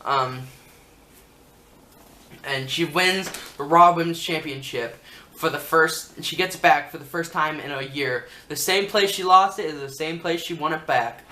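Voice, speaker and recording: A man rambling casually as a wrestling vlogger, pitching his own storyline ideas. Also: unhurried, pushed and bright. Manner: rambling, chatty, lots of fillers. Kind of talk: casual fan commentary. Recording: roomy room echo, faint hum.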